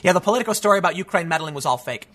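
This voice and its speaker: A man's voice: sits high, lively intonation, racing, fairly bright tone. A man giving solo political commentary as host, ranting in a frustrated, emphatic way with many restarts.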